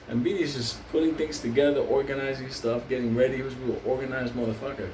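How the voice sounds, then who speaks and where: A man's voice: medium pitch, fast talker, hardly any pauses, darkish tone, distant mic, slight background noise. A man telling a wild story in casual, profane talk, laughing often and acting out the voices of the people in it. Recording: roomy, off-mic with faint ambience.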